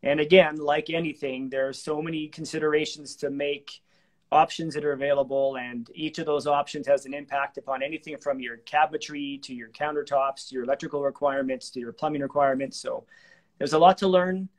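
A man's voice: fairly high pitch, a little fast. Chatty male renovation show host. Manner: chatty, relaxed, lots of fillers and restarts. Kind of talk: live-streamed renovation talk show.

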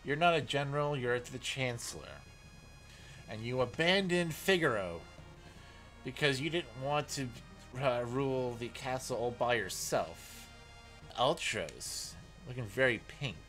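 A man commenting on a game as he plays, excitable, reading dialogue aloud and laughing often. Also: medium pitch, slow pace. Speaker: gaming let's player. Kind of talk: let's play commentary. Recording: faint game music behind.

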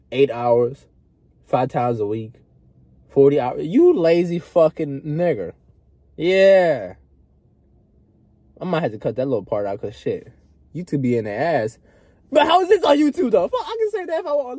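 A young male vlogger rants straight to camera, loud and profane one moment and muttering the next. His voice is husky and darkly mellow, with a lively, bouncing pitch. The sound is dry and close. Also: no room sound. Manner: loud, profane, swings between shouting and muttering. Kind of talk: unscripted rant to camera.

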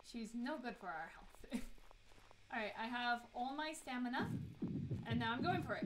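A woman's voice: a little high, expressive, measured pace, pauses often, loud music behind the voice, rough recording. A woman streaming a horror game live from her desk mic, chatty and giggly, talking to the characters on screen. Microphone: desk microphone.

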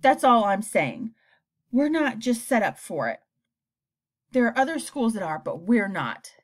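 A combative mother, sharp and argumentative, her voice climbing with outrage. She fires back quickly and refuses to back down, voiced by a woman reading the part. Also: on the high side, big pitch swings, voice pushed up. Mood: indignant. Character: indignant defensive mother, combative.

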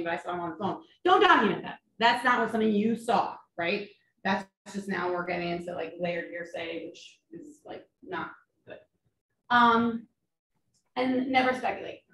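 A middle-aged woman trial attorney teaching a seminar to nurses, animated and full of rhetorical questions. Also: a little high, a little hiss or hum. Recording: echoey room, distant mic, faint ambience.

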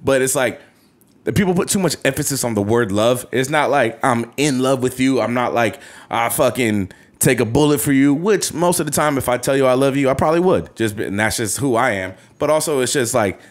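A man's voice: medium pitch, fairly quick, hardly any pauses. A man co-hosting a podcast as a casual chat, earnest and open, mixing in jokes and casual swearing. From suburbs. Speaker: podcast co-host.

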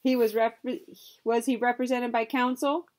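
A woman's voice: a little high, level tone, moderate pace, darkish tone, lightly acted. A woman voicing a dignified butler who speaks formally and makes a persuasive courtroom-style speech. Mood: orating. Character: proper, dignified English butler turned gold seeker, eloquent.

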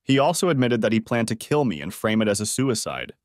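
A man's voice: on the low side, very animated, fairly quick, dry recording. A man narrating a first-person story in a scripted audiobook reading on a close mic.

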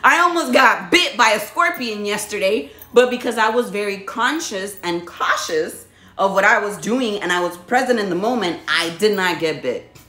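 Animated woman telling a spiritual story. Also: normal speed. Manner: animated storytelling, laughs often, acts out her own reactions in a high voice. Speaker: body contouring business owner. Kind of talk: casual spiritual vlog talk. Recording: echoey room with faint music.

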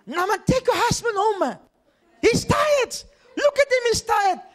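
A preacher acting out a male demon that wails and pleads in a high, shouting voice. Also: big pitch swings, a little slow, exaggerated voice. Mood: mocking.

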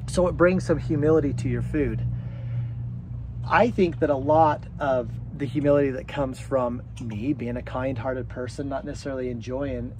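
A man's voice: medium pitch, fairly even intonation, normal speed, background noise. A man vlogging about homesteading, talking casually to the camera in a chatty, self-deprecating way.

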